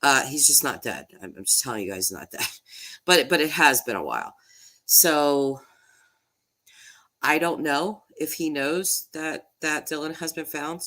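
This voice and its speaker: A woman, a true crime YouTuber, talking casually on a livestream, halting and repeating words, emotional and slightly nasal from holding back tears. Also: deep voice, animated, sharp tone.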